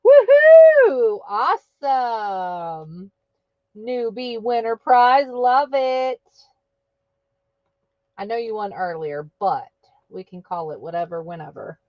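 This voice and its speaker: A woman hosting an online craft market live stream, exuberant and cheering winners with loud whoops. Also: medium pitch, takes it slowly, long pauses, no room sound, muffled recording.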